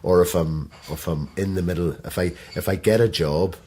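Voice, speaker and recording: A middle-aged man, an actor, chatting as a podcast guest with an animated, self-deprecating humor and frequent laughter. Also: low voice, moderate pace, slight background noise. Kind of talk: casual conversational interview.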